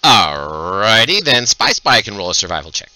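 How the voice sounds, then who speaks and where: A man running a tabletop game as game master, joking and narrating quickly. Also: on the low side, wildly swooping pitch, bright, forceful tone, no room sound.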